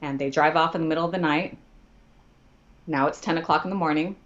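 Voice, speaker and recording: A woman's voice: deep voice, steady tone, brisk, muffled recording. A woman, a podcast guest, telling a personal story with feeling and acting out each person's words in dialogue, her voice climbing when she speaks as herself in distress.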